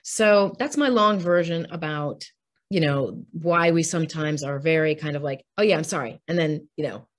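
A woman's voice: deep voice, normal speed. A woman interviewed as an author, speaking candidly and earnestly in a heartfelt, open conversational way. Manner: earnest, heartfelt, speaks openly about grief.

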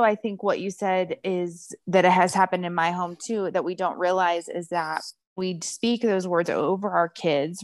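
A woman's voice: fairly low pitch, no room sound. A woman in her thirties, a guest on a casual faith podcast, speaking in an affirming way with many fillers. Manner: warm affirming, frequent "like" and "you know".

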